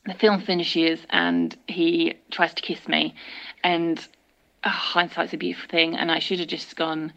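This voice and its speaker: A woman's voice: lowish voice, steady tone, a little slow, creaky, fairly bright tone, highs cut off. A woman sharing a dating story in a candid, self-deprecating way, acting out her own past lines. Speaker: listener sharing a dating dilemma.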